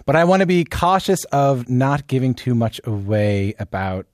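A man interviewing a guest in casual chat, self-deprecating and joking, often halting and restarting. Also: mid-range voice, big pitch swings, a little mellow, dry recording, clean studio sound.

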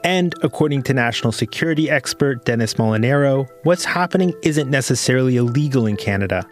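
A male reporter narrating a news story in a measured, scripted way. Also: mid-range voice, lively intonation, faint music behind.

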